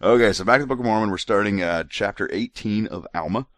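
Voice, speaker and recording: A slightly drunk podcast host delivers a casual monologue, rambling, laughing, and restarting often. His voice is fairly low and fast, recorded with clean studio sound and no room sound.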